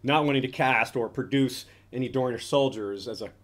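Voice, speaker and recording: A man co-hosting a casual fan discussion show, speculating out loud, thinking as he talks and often restarting sentences. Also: mid-range voice, brisk. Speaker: podcast co-host.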